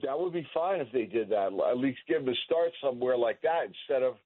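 A man's voice: medium pitch, expressive, a little fast, husky, dry recording. A man from Pennsylvania calling in to a radio show, amused and agreeing with the host over a tinny phone line. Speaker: caller. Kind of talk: call-in radio chat.

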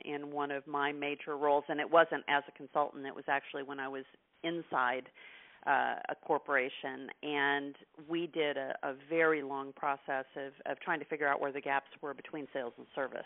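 Brief: man as a talkative interview host, slightly high voice, phone-quality sound. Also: fairly even intonation, moderate pace. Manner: chatty, peppered with "you know". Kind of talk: conversational interview. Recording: phone-like narrow line.

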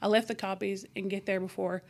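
A woman teacher as an interview guest, telling stories in a lively conversational way and acting out the exchanges she describes. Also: medium pitch, a little fast. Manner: animated, acts out quoted exchanges. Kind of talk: conversational storytelling.

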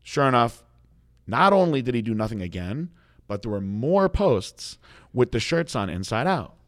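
A man's voice: medium pitch, moderate pace, no echo, studio quality. A man telling a story in casual conversation as a guest, blunt and frank, acting out the dialogue as he goes. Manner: animated storyteller, acts out quoted dialogue.

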